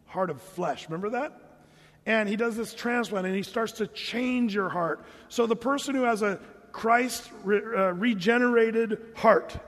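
Brief: male pastor, high tenor, chatty sermon delivery, hall reverb. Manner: conversational preacher, mimics hearers in a higher voice.

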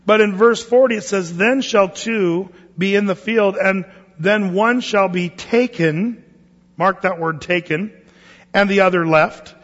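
A pastor teaching a sermon verse by verse in a conversational way, with frequent asides and restarts. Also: male voice, high voice, measured pace, a bit bright, big-room sound, muffled recording.

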